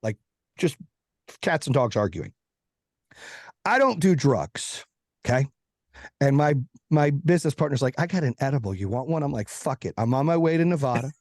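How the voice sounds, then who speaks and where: A male podcast guest with a mid-range, expressive, darkish voice tells a long personal story in casual, profane language. The anecdote moves fast, and he acts out what the people in it said. The recording is dry and clean, with studio sound.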